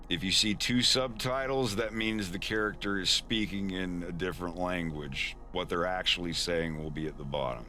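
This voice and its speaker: Brief: low, slow, rambling streamer narrating his animation. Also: bright, forceful tone. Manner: rambling, with restarts and chuckles. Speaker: animator showing his work. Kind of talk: casual stream commentary.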